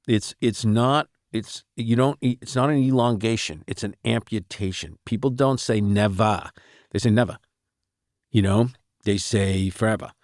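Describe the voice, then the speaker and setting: A middle-aged man, talking as a writer guest in a relaxed, wry interview, laughing often as he tells stories. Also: mid-range voice, moderate pace, no echo, clean studio sound. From Boston. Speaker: novelist and screenwriter guest.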